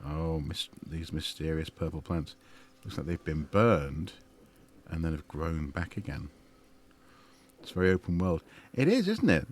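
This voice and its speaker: Man, gaming streamer, deep voice, rambling commentary, frequent ums and restarts. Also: very animated, measured pace, slight background noise. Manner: chatty, digressive, many fillers and restarts.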